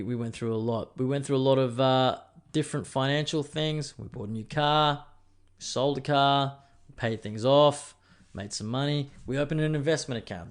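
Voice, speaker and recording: Australian man, mid-pitched voice, solo podcast host; loose, profane, self-mocking ramble into a studio mic. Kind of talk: casual solo podcast chat.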